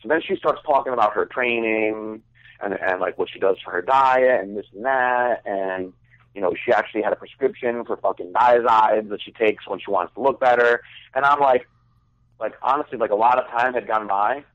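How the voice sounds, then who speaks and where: A man's voice: on the low side, normal speed, a bit bright. A young man telling a crude, rambling story in casual chat, full of fillers. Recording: dry tinny phone-like sound.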